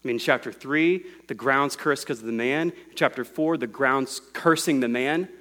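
A man's voice: mid-range voice, normal speed, a bit bright. A man preaching a sermon to a congregation in a room, explaining scripture word by word in a patient teaching tone.

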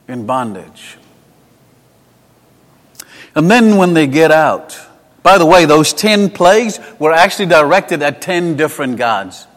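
Long hall reverb surrounds a fairly high-pitched man with a South African accent as he preaches. He talks as if in conversation, recounts personal stories, and swings between emphatic declarations and whispered asides.

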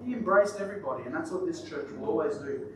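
Aussie pastor guy preaching, chatty and jokey, bit high voice, big echoey hall, noisy far-off mic. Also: expressive, quick pace, fairly bright tone. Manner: chatty, joking aside to the congregation. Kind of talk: sermon. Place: church hall. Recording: very echoey hall, distant mic, audible noise.

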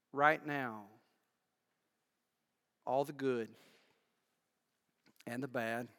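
A man preaching a sermon as pastor, building phrases in repetition and dropping from loud declarations to hushed lines. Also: medium pitch. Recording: echoey hall with long reverb.

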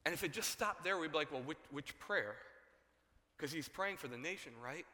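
A man with a bright, forceful, slightly high voice delivers a sermon, retelling a story with lively acted-out dialogue. His voice rings out with a long reverb, as in a large hall. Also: fast. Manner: animated storytelling, acting out dialogue. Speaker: pastor.

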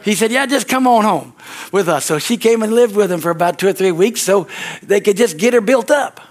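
High-pitched guy preaching, tells stories, repeats himself, gets fired up. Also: brisk. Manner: storytelling, repeats phrases, rises to excited preaching. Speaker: pastor. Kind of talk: sermon.

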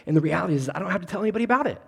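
A man preaching a sermon as pastor, conversational and animated, talking directly to his congregation. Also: high voice, rapid-fire, gravelly, slightly rough. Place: large hall with congregation. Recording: reverberant hall.

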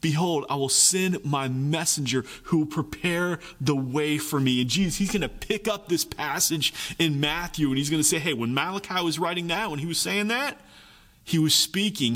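A man preaching a sermon, animated, acting out the voices of complaining people. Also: on the high side, moderate pace, long reverb tail. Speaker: pastor.

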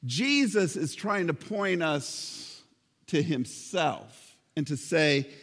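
Male pastor, high voice, emphatic sermon delivery, long hall reverb. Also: animated, vocal fry, a bit bright. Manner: emphatic, with slow stressed phrases.

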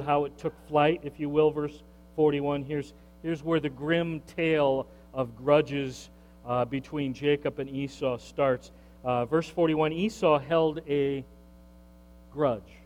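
A man preaching from the pulpit with a high-pitched voice, dramatizing scripture and slipping into casual voices for the characters. His words ring out with a long hall reverb, and a faint mains hum sits underneath. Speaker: pastor. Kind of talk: sermon.

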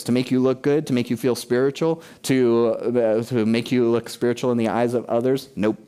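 A man's voice: lowish voice, mellow, clean tone. A middle-aged man preaching a sermon with emphasis, asking questions of his congregation. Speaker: pastor.

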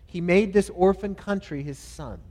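A man preaching a sermon, reading scripture and praying earnestly, swelling to emphatic phrases and falling back soft. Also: sits high, normal speed. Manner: earnest, reads scripture aloud and leads prayer; builds to louder emphatic phrases, then drops soft. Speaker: pastor. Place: church sanctuary. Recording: long hall reverb.

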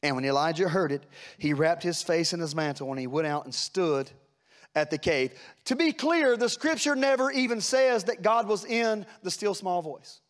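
High-voiced preacher swinging hushed to urgent. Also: male voice, expressive, moderate pace. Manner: dramatic preaching, swinging from hushed lows to loud urgent peaks; retells scripture scenes with voiced characters. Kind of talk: sermon.

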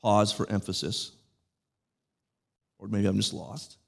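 A man preaching a sermon as pastor, swinging from loud, emphatic lines to hushed, near-whispered ones with long pauses in between. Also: fairly low pitch, little pitch movement, creaky, breathy edge, big-room sound. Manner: slow, deliberate delivery with long dramatic pauses.

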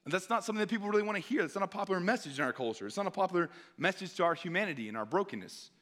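A man's voice: sits high, lively intonation, very fast, fairly bright tone. A man in his thirties, a missionary preaching a sermon in a conversational way, often checking in with his listeners. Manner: conversational, asks the audience often with "right?".

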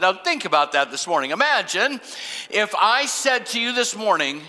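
An older man preaching a sermon as pastor, slowing down for emphasis with dramatic pauses. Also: sits high, big pitch swings, bright, forceful tone. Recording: long hall reverb.

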